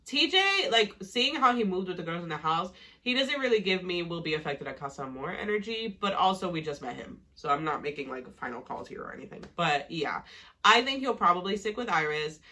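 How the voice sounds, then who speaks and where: Bright-voiced woman ranting casually. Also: on the low side, big pitch swings, brisk. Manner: heated, profane, exasperated ranting. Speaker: reality TV recap vlogger. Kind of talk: casual reaction commentary.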